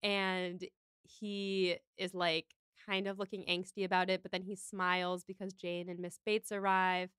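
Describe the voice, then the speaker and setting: A woman's voice: on the low side, flat delivery, unhurried, a bit bright, clean tone, dry recording, studio quality. A woman co-hosting a podcast, casually recapping a film in enthusiastic, rambling detail. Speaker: podcast co-host.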